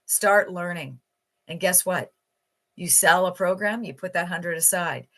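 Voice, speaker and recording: A woman giving an enthusiastic, emphatic motivational sales pitch for an online marketing program. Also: unhurried, sharp tone.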